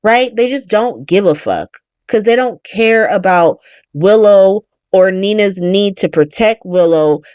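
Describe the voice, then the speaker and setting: A woman's voice: mid-range voice, measured pace, smooth, dry recording. Woman, casual soap recap, blunt and profane, dry close recording. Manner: blunt, profane and animated, acting out characters' lines. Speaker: podcast host recapping a soap opera.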